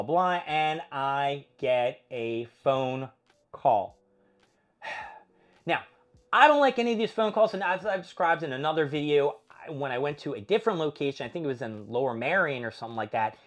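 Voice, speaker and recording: Young man ranting, profane and exasperated. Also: a little high. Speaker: vlog host. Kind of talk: casual monologue vlog.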